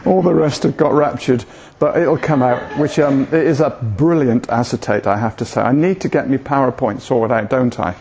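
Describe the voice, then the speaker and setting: A man's voice: mid-range voice, normal speed, few pauses, darkish tone, slight background noise. An older man, giving an informal sermon in a rambling, hesitant way with self-deprecating humour. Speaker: preacher. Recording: dull lo-fi recording.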